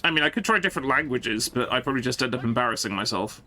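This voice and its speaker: A man's voice: mid-range voice, animated, rapid-fire, sharp tone, slight background noise. A man giving casual, jokey live-stream commentary while playing a strategy game, often stumbling and restarting his sentences.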